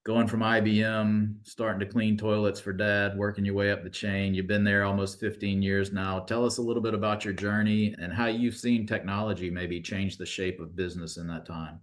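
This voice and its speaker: A man hosting a business interview podcast, asking a prepared question in an even way. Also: on the low side, moderate pace, hardly any pauses.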